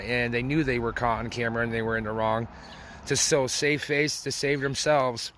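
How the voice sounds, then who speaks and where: A man's voice: mid-range voice, a bit bright, slight background noise. A young adult man, a father, giving a blunt, emotional personal testimony that turns tearful at times. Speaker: father telling family story.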